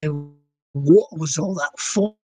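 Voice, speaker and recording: A woman vlogger talking casually to her viewers, playful and putting on an accent, with sudden shouted bursts. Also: low voice, takes it slowly, slightly rough, dry recording, faint music behind. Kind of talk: casual chat to camera.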